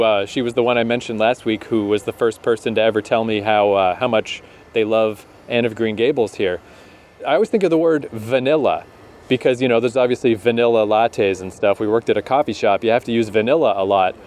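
A young Canadian man co-hosting a podcast in casual chat, animated and quick to laugh. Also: medium pitch. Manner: animated, laughs often, slows down to make a point. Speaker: podcast co-host.

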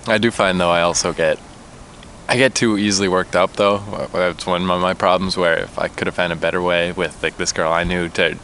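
A man's voice: low-pitched, fairly even intonation, brisk, fairly bright tone, slight background noise. A young man in casual chat outdoors, rambling and laughing often, poking fun at himself. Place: outdoors at a picnic table outside a bar.

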